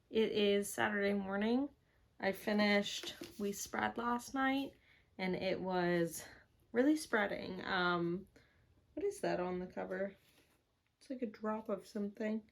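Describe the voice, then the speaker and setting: A woman's voice: medium pitch, creaky. A woman vlogging from her home office in a rambling, casual chat full of fillers, playful and self-mocking. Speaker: book vlogger.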